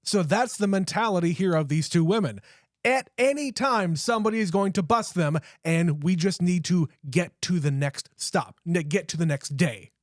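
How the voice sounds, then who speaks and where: A man's voice: sits high, animated, moderate pace, dry recording, studio quality. A man co-hosting a podcast, chatting casually about a movie and acting out lines, swearing freely. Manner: conversational, swears casually, acts out quotes. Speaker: podcast co-host. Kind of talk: casual chat.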